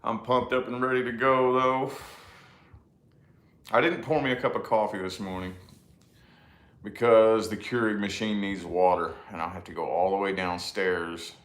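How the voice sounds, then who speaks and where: A man's voice: lowish voice, little pitch movement, moderate pace, fairly bright tone. A man vlogging in a casual, rambling monologue, swearing freely and laughing often at himself. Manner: profane, self-deprecating, laughs often. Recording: echoey room.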